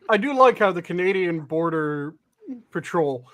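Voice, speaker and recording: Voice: mid-range voice, lively intonation, takes it slowly. A co-host making joking, rambling asides in casual podcast chat.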